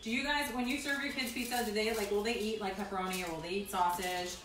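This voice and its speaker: Woman in her thirties, mom vlogger, rambling chatty live-stream host, mid-pitched voice in an echoey kitchen. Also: steady tone, quick pace, noisy background. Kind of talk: casual live-stream chat. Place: indoors at home in a condo kitchen. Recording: echoey room.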